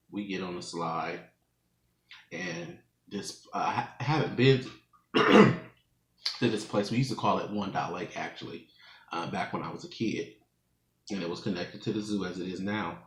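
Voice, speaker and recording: A mukbang vlogger in his twenties tells his viewers a rambling story from a room at home, laughing often. His voice is low-pitched and a little slow, with frequent pauses. The room is echoey.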